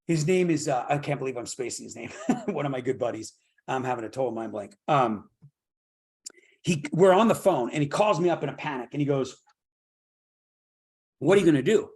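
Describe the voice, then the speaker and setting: A middle-aged man teaching a real estate workshop in an energetic, motivational way, stacking up repeated phrases and often checking in with "right?". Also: medium pitch, fairly quick, husky. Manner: builds points through long repeated phrases.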